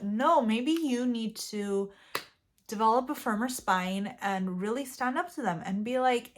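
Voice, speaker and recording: A woman's voice: a little high, moderate pace. A young woman vlogger talking casually and animatedly, often acting out what to say. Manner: chatty, animated, acts out quoted lines. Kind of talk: casual advice vlog.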